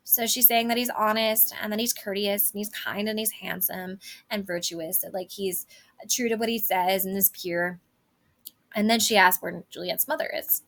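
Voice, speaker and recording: A woman's voice: medium pitch, fairly even intonation, moderate pace, a bit bright. A woman teacher casually explaining a play scene in her own words, with many fillers.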